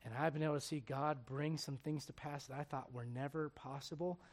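A man preaching a sermon as pastor, speaking emphatically with loud bursts and direct questions to the congregation. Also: on the high side, fairly even intonation, fairly quick.

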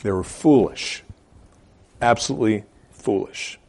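A man preaching a sermon as pastor, with emphatic stresses, quiet asides and hesitant fillers between phrases. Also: fairly low pitch, a little slow.

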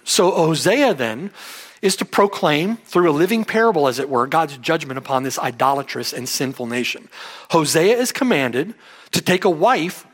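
Male preacher, fairly high voice, animated delivery, emphatic sermon reading. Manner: emphatic, rising and falling sharply for stress.

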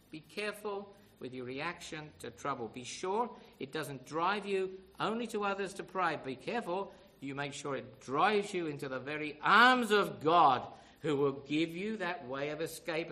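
A man's voice: a little high, expressive, normal speed, bright, forceful tone, poor audio. A man preaching a sermon in an emphatic, storytelling way, with frequent rhetorical questions to the congregation.

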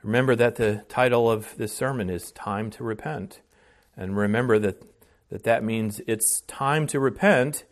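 A man preaching a sermon as pastor, earnest, with restarts and swells of volume on key phrases. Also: medium pitch.

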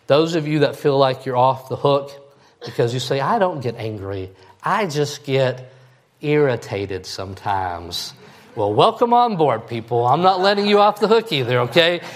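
A man's voice: on the high side, animated, moderate pace. A man preaching a sermon as pastor, in a folksy, conversational way that keeps checking in with his listeners. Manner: folksy, conversational preaching with frequent "all right?" check-ins.

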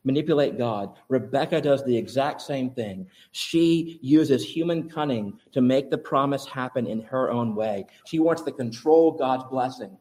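A man pastor preaching a sermon in an animated, emphatic way. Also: medium pitch, unhurried, few pauses.

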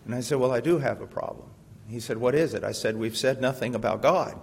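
A man preaching a sermon with passion, asking rhetorical questions and swinging from hushed tones to loud ones. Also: medium pitch, brisk, gravelly, slightly rough. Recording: long hall reverb.

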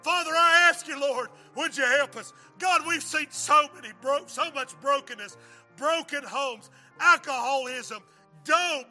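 A man preaching a revival sermon and leading an altar-call prayer, in a fervent shouting cadence that drops to sudden hushes. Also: very high-pitched, unhurried, faint music behind.

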